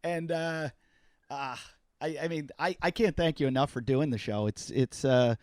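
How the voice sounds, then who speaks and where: A man hosting a casual podcast, with a voice that sits a little high for a man. He tells jokey, profane stories with plenty of animation. The sound is dry and close. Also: moderate pace, no echo. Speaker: podcast host. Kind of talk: casual interview chat.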